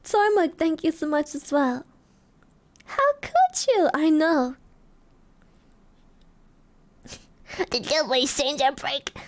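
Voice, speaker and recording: A young adult woman streaming casually, giggly and swearing a lot as she excitedly thanks donors. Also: high-pitched, takes it slowly. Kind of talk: casual live-stream chat.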